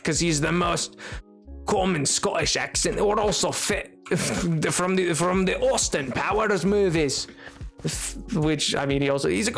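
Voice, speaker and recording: A man's voice: a little high, creaky, fairly bright tone. A young man streaming a game, chatting casually and rambling with many fillers. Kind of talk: casual live-stream chat.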